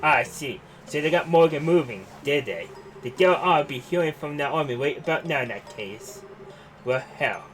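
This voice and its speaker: A man voicing a gruff, tough young man in a game, with rough, slangy, blustering talk. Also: a little high, lively intonation, normal speed, fairly bright tone, slight background noise. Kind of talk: reading game dialogue aloud.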